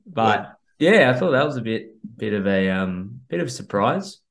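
A man's voice: fairly low pitch, sing-song, moderate pace, creaky. A young man in casual chat, laid-back and hedging, full of "like".

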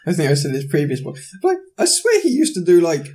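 A relaxed man talking books on a podcast with a friend. His voice sits a little high for a man. He laughs readily and often drifts into a pause while he gathers his thoughts. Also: husky. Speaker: podcast co-host. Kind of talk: casual chat about books and films.

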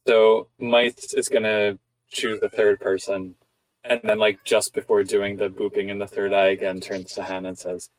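A man's voice: lowish voice, little pitch movement, moderate pace, no echo, low-quality recording. A man playing in a tabletop game, casual and easygoing. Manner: easygoing, laughs often. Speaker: player.

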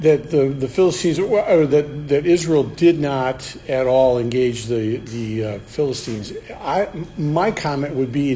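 A man with a somewhat high voice leads a casual Bible study discussion. He explains as he goes and pushes his points home with questions. A faint noise sits under the recording. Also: mellow. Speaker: podcast host leading a Bible study.

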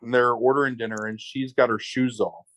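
Profane, animated man recapping a movie. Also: mid-range voice, brisk, dry recording, poor audio. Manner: profane, animated retelling with acted quotes. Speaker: podcast co-host. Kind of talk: casual movie recap chat.

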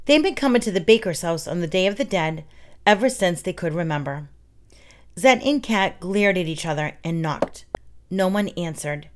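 A woman reading children's stories aloud in a soft, steady narration. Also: on the low side, moderate pace.

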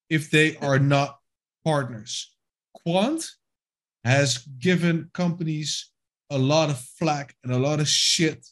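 A man co-hosting a casual crypto podcast, rambling with many fillers and restarts and reading from articles. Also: on the high side. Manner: reads quotes aloud from an article. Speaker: podcast co-host.

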